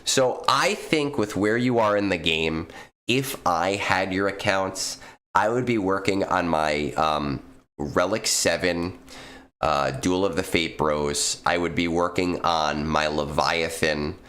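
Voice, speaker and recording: A man's voice: low voice, slow, a bit bright. A man streaming, giving casual, blunt game advice, swearing freely and using plenty of fillers. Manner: blunt and profane, with frequent fillers.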